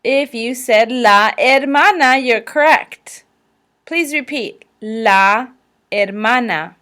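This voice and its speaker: Slow, careful woman teaching vocabulary. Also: high-pitched, fairly bright tone. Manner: slow, careful, prompting listeners to repeat. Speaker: language teacher. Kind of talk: recorded slideshow lesson.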